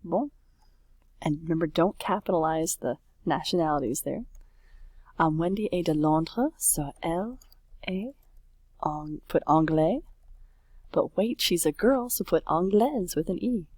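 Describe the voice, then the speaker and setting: A woman with a lowish voice walks through a French worksheet in a relaxed, chatty way. She catches her own slips as she goes. The sound is close and dry, with no room around it. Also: measured pace, long pauses, dry recording. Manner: chatty, self-correcting, says oops often. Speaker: French teacher. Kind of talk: casual worksheet walkthrough.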